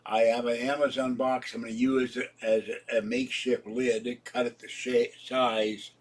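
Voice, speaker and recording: A man in his seventies, sick and hoarse, rambling casually to his viewers about his day and laughing at his own jokes. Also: mid-range voice, flat delivery, moderate pace, distant mic. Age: 70s. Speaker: vlogger. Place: home.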